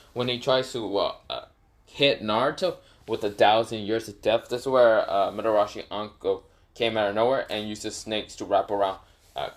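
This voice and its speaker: A man's voice: lowish voice, a bit bright. Rambling man telling a fan story. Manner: rambling, many fillers and self-corrections. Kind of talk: improvised fan story narration.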